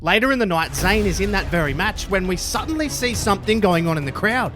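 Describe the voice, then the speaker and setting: A man narrating a scripted story in an upbeat, energetic way. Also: high-pitched, fast, over music. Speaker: YouTube storyteller.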